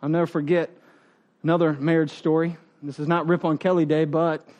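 Pastor guy preaching, high voice, jokey, acts out little voices. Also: a little fast, dull audio. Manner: animated, acts out quotes and voices; jokes and laughs with the congregation. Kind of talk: sermon.

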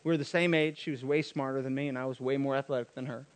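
A man's voice: mid-range voice, steady tone, quick pace. A man preaching a sermon as a pastor, casual with joking asides.

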